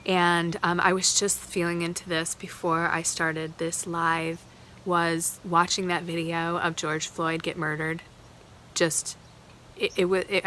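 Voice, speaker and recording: A woman leads a live tarot reading, earnest and openly emotional as she thinks aloud. Her voice sits a little low but has a bright, forward edge. A faint hiss runs underneath. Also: fairly even intonation, measured pace. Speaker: tarot reader hosting a live moon reading.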